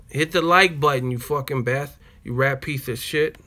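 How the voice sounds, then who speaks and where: A man's voice: medium pitch, moderate pace, sharp tone. A man hosting a live stream, reacting to clips with profanity and laughter. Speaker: boxing channel host. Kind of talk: casual live-stream commentary.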